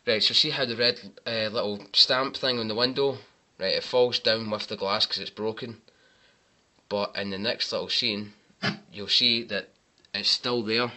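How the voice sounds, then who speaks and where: A man's voice: fairly low pitch, steady tone, normal speed, bright, forceful tone. A man giving casual, wry commentary on film mistakes over clips, with sarcastic asides. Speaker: movie mistake reviewer.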